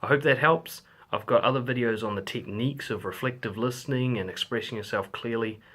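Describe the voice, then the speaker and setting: A man's voice: mid-range voice, brisk, fairly bright tone, slightly rough. A man giving relationship advice to camera in a blunt, sweary way, acting out example lines. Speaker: relationship coach. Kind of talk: direct-to-camera advice vlog.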